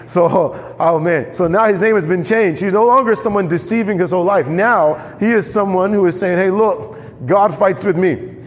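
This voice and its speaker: A man preaching a sermon as pastor, animated, jumping up in pitch when he voices quoted characters. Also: fairly quick, few pauses, long reverb tail, slight background noise.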